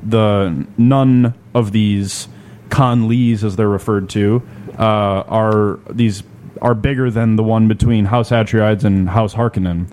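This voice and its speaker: Low-voiced man explaining at length. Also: steady tone, slow, darkish tone. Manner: explains at length with frequent restarts and fillers. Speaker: podcast co-host. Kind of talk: casual chat.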